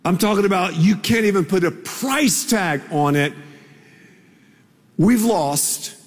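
A man preaching a sermon, with slow, emphatic phrasing that swells toward shouts. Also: high voice, lively intonation. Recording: long reverb of a large hall.

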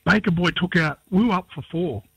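An Australian man, a musician guest, tells a story in a lively, quick way, with sudden jumps into a high voice. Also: creaky, slightly rough, dry recording. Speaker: award-winning musician guest. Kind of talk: animated storytelling in conversation. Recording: slightly dull, lo-fi radio sound.

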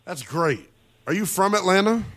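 A man hosting a late-night sports talk radio show, brash and quick to tease callers. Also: sits high, expressive, a bit bright.

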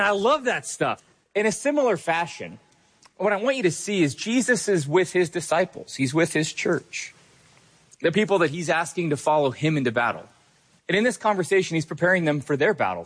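A man's voice: fairly high pitch, animated, a little fast, a bit bright, breathy edge. A man preaching a sermon as a pastor, earnest and conversational, with occasional fillers.

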